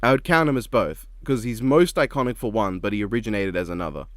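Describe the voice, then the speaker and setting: A man's voice: fairly low pitch, fast, no echo, studio quality. A man hosting a casual reaction chat, laid-back and rambling with frequent giggles. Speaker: channel host.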